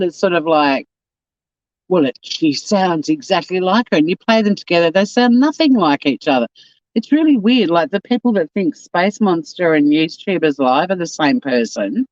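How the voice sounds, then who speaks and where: A woman's voice: low voice, no echo, muffled recording. Chatty sweary Australian woman streaming. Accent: South Australian. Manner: chatty, rambling, sweary and blunt. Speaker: YouTube livestream host. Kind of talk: casual livestream chat, reading comments.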